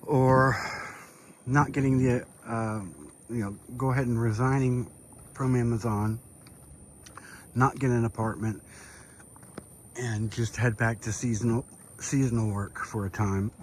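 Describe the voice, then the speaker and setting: A man's voice: medium pitch, steady tone, unhurried, long pauses, a little hiss or hum. A middle-aged man with the hiccups, giving a rambling, hesitant update to his viewers while walking outdoors at night. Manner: rambling, hesitant, with many fillers. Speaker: vlogger. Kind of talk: casual walk-and-talk update.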